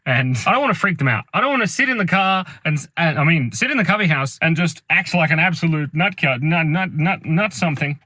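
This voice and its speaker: Man, thirties, rambling comic vlog chat, bright voice, swooping lively pitch, parked car, camera mic. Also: fairly quick, few pauses, no room sound. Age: 30s. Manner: playful, rambling, giggly. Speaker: vlogger. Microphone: built-in camera mic, no microphone.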